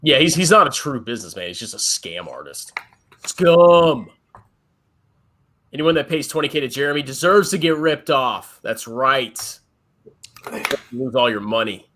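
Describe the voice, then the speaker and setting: A man's voice: mid-range voice, expressive, moderate pace, bright, forceful tone. A man co-hosting a casual livestream chat, blunt and sarcastic.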